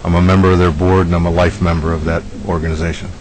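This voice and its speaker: A man in his sixties, a defense attorney, giving formal testimony to lawmakers in a measured, deliberate way. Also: sits low, level tone, noisy background. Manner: measured, deliberate, some filler uhs.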